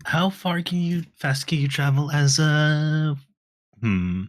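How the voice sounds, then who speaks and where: A man's voice: a little high, lively intonation, slow pace. Man thinking aloud at the game table. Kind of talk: in-character tabletop chat.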